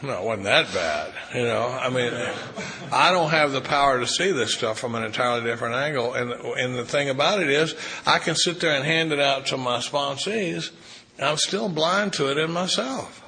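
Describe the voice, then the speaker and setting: A middle-aged man speaks at a recovery retreat with a bright, forceful voice at an ordinary pitch. He is an animated storyteller who acts out conversations and often restarts his sentences. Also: normal speed, creaky, a little hiss or hum, low-quality recording. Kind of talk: recovery meeting talk, storytelling. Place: retreat meeting room.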